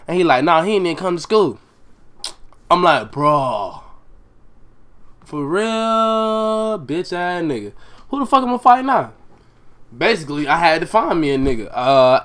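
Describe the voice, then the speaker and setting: Young man, storytime vlog, street slang, animated, acts out other people's lines, slightly high voice. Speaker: streamer telling a storytime. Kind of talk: casual storytime over gameplay.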